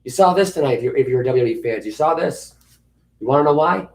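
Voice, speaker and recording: A man co-hosting a casual wrestling recap, blunt and ranting, quick to call things terrible. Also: medium pitch, lively intonation. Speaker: podcast co-host.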